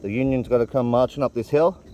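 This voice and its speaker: An excited man talks while walking a hillside outdoors, his voice picked up by a handheld camera mic. He retells the scene loosely and with relish. His pitch sits in an average middle range. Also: fast talker, a little hiss or hum. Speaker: vlogger filming the tour. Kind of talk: casual walking tour commentary.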